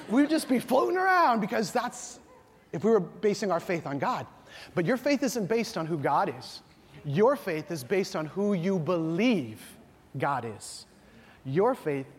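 A man preaching a sermon to a congregation, calling for responses and acting out little scenes of dialogue. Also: sits high. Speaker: pastor. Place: church sanctuary. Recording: long hall reverb with faint music.

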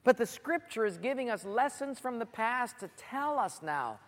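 A preacher delivers a sermon in a medium-pitched voice, acting out a Bible story with lively asides and sound effects. The voice carries a long reverb, as in a large church hall. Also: moderate pace.

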